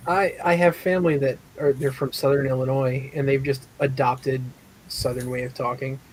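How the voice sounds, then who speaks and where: A man co-hosting a casual chat, relaxed and agreeable, often hesitating before he speaks. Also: mid-range voice, normal speed, poor audio.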